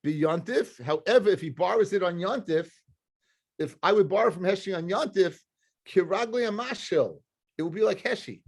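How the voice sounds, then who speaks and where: A man's voice: sits high, normal speed, vocal fry, slightly rough. A man, a rabbi, teaching a live Talmud class to students, explaining emphatically, repeating himself and quizzing the room.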